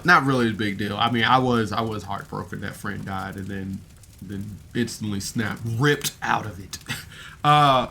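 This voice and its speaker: A man's voice: on the low side, gravelly, fairly bright tone, breathy edge. A man giving a casual, rambling review of a podcast episode on camera, emotional and full of fillers. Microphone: camera mic, seated on camera.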